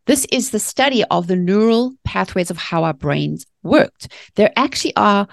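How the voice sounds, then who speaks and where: A woman's voice: medium pitch, lively intonation, moderate pace, creaky, no echo, studio quality. A woman guest author talking passionately on faith and the mind, ranting at times and acting out voices of the people she quotes. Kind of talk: animated faith-based interview talk.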